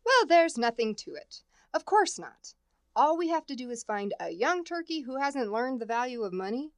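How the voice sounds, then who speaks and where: Wisecracking schoolteacher, deadpan sardonic jokes, old radio comedy. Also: female voice, high-pitched, normal speed, dry recording. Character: wisecracking female schoolteacher and narrator. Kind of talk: 1950s radio comedy acting and narration.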